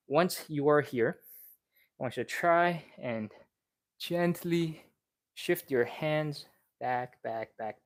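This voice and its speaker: Chatty, slightly breathless male stretch coach. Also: mid-range voice. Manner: chatty and encouraging, talks fast and rambles. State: a little out of breath. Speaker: stretching instructor. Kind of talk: live-streamed workout coaching.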